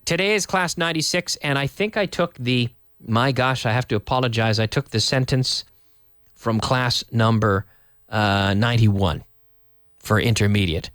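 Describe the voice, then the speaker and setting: A man's voice: mid-range voice, moderate pace, fairly bright tone, clean tone, no room sound, studio quality. A man with a Canadian accent teaching an English lesson on a live stream. He rephrases and repeats himself as he goes, and drops into Spanish now and then.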